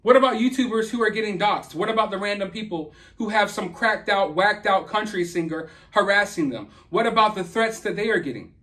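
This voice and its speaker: A man's voice: high-pitched, fairly quick, few pauses, bright, forceful tone. A man with a Southern US accent from the American South, delivering a heated, confrontational commentary rant to viewers. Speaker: YouTube commentator.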